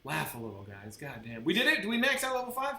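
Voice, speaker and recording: A man's voice: a little high, wildly swooping pitch, quick pace, bright, forceful tone. A man chatting casually while streaming a game, rambling and swearing with many restarts. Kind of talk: casual live-stream chat while gaming. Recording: roomy sound with faint background noise.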